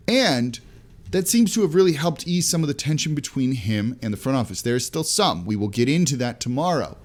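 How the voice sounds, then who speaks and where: Guy hosting a solo sports podcast, talking fast and chatty, lots of quick asides. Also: mid-range voice. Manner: energetic, conversational, fast asides. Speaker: podcast host.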